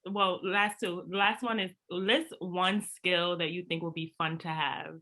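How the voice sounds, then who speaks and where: A young woman from Brooklyn, telling a story in casual chat, animated and slangy. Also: on the low side, measured pace. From Brooklyn, USA. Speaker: book club host.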